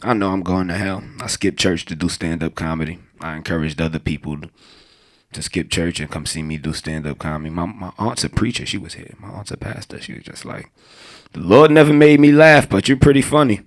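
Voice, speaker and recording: A young stand-up comedian delivers a crude, rambling set in a deep, gravelly low register, often laughing at his own jokes. He speaks briskly with fairly even intonation and a slightly bright tone.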